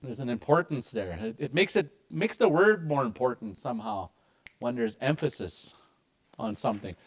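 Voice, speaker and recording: A man's voice: medium pitch, lively intonation, moderate pace. A man teaching a language class with lots of energy and emphasis.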